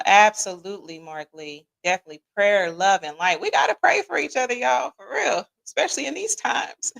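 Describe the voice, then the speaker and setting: A woman with a Midwestern American accent hosting a podcast livestream, joking casually and talking back to viewers in the chat. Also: mid-range voice. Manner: lively, joking, talks to the chat. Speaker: podcast host reading live chat.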